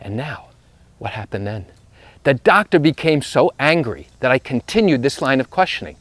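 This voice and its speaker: A man's voice: mid-range voice, big pitch swings, normal speed, a bit bright, no echo. Man, lawyer, walking vlog storytelling, emphatic and repetitive, outdoors, dry close sound. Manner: emphatic, repetitive phrasing, rising intensity when retelling. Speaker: personal injury lawyer. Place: outdoors walking through a neighborhood.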